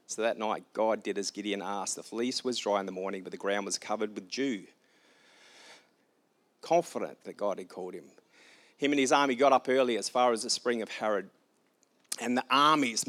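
A man's voice: mid-range voice, normal speed. A man preaching informally, retelling a scripture story with casual asides and light humor.

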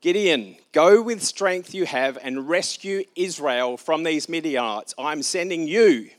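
A man voicing a calm, reassuring divine figure in a retold scripture story, slow, emphatic and casual. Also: fairly high pitch, pitched above the performer's own voice.

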